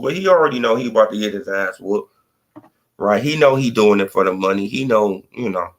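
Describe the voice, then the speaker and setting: A man's voice: on the low side, expressive, fairly quick. Slangy, rambling male livestream host. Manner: slangy, profane, rambling talk with lots of "bro" and "man". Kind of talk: casual livestream commentary on boxing.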